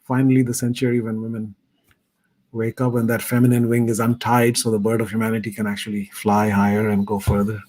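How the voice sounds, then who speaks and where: A man's voice: fairly low pitch, flat delivery, fairly quick, a little mellow. Earnest middle-aged man. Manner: earnest, thoughtful. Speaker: guest speaker. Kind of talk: reflective personal storytelling talk. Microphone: video call.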